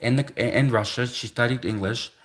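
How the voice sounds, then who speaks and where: A man's voice: medium pitch, brisk. A man in his thirties hosting a livestream, telling a story in a rambling, casual way, full of "like" and self-corrections, laughing between thoughts. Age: 30s. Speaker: livestream host.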